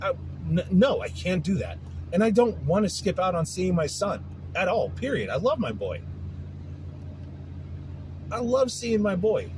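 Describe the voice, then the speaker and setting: A man's voice: high voice, sing-song, unhurried, pauses often, noisy background. A man hosting his own podcast, venting in a frustrated, profane casual rant. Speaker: podcast host. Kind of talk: casual ranting monologue.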